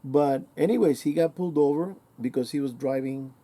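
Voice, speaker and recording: Casting: middle-aged man, mellow low-key tone, rambling conversational monologue with quoted asides. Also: fairly quick. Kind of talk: casual opinion monologue.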